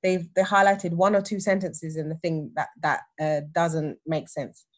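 A woman, telling a personal story in a casual chat with lively, acted-out retellings. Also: on the low side, normal speed. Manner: animated, acts out others' lines. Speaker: podcast guest, teacher.

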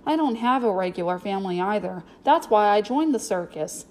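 A woman's voice: medium pitch, lively intonation, a little fast, close to an everyday voice. A woman reading aloud, voicing a shy, polite young runaway boy who speaks earnestly. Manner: earnest, eager. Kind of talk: storybook reading.

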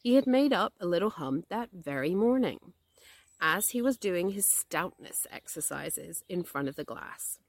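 A woman podcast host reading a children's story aloud, gentle and expressive. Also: on the low side, unhurried, dry recording. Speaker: podcast host and English teacher.

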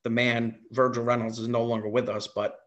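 This man is a wrestling impersonator appearing as a guest, and he tells a story with casual excitement, full of fillers and repetition. His pitch sits in the middle range and he talks briskly.

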